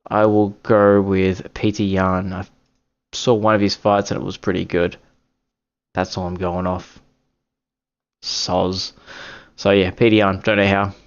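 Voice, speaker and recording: A man's voice: low-pitched, level tone, measured pace, pauses often, smooth, dull audio. A man talking on his own in a casual, rambling way, often correcting himself and apologizing. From Australia. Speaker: podcast host giving fight picks. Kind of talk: casual solo commentary.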